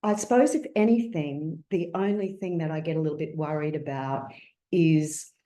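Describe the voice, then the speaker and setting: Middle aged actress on a panel, low dark voice, pauses a lot, echoey room over video chat. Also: female voice. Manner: thoughtful and halting. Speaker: actor panelist. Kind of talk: webinar panel discussion. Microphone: video call.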